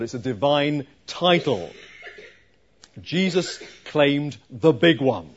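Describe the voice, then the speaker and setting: A man preaching a sermon, slow and emphatic, with dramatic pauses. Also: mid-range voice, expressive, muffled recording.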